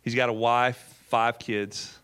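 A man's voice: mid-range voice, flat delivery, takes it slowly, a bit bright, smooth. A middle-aged man, a pastor, telling a story in a sermon in a folksy way, acting out quotes and often repeating words. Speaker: pastor and former missionary.

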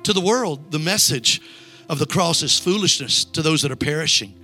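A man's voice: a little high, expressive, normal speed, bright, forceful tone, soft background music. A male evangelist preaching a revival sermon in a church, urging the congregation to call back lines. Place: church sanctuary.

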